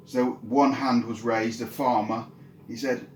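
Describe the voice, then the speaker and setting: A man telling a folk tale in a relaxed, casual way, with many "so he goes" links. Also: lowish voice, a little slow. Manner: relaxed, repetitive "so he goes" narration. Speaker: storyteller and channel host. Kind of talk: casual spoken storytelling. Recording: roomy echo, faint ambient noise.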